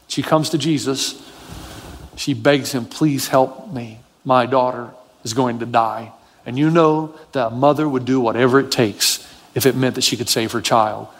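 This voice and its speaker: A man preaching a sermon as a pastor, animated and swinging between low, quiet passages and high, emphatic ones. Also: in a large hall, slight background noise.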